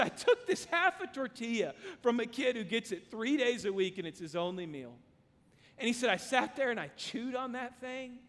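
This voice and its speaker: A man preaching a sermon, telling a story with lively rises and drops in his voice. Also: high voice. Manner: animated storyteller, voice rising and dropping with the tale. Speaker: pastor. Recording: long reverb of a large hall.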